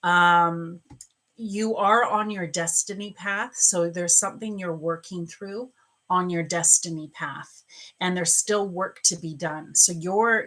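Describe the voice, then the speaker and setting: A woman with a bright, forceful voice that sits a little low, hosting a live angel card reading. She chats loosely and calls out viewers by name between readings. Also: fairly even intonation, takes it slowly, low-quality recording. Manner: chatty, greets viewers by name while reading. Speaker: psychic reader hosting a live stream.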